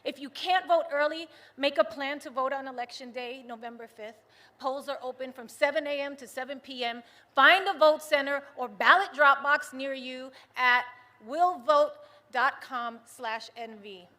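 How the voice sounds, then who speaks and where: Bright, high-voiced woman rallying a crowd. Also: normal speed. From United States. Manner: impassioned, rousing. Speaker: campaign rally speaker. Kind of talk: rally speech. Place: large rally venue. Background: faint crowd.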